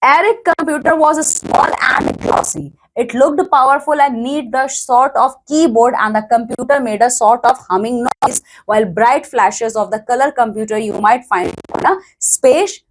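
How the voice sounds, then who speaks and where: A woman's voice: fairly high pitch, normal speed, hardly any pauses, a little hiss or hum. A woman with an Indian English accent teaching an English lesson, reading a textbook story aloud and then explaining each line in simpler words with many "okay"s. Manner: reads a line then paraphrases it, with frequent "okay"s.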